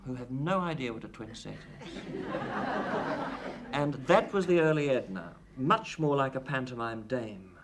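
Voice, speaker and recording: A man's voice: medium pitch, animated, normal speed, crowd noise. A middle-aged man, a talk show guest, telling anecdotes in a dry, wry manner. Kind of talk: anecdotal chat. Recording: 1980 TV studio with light hiss.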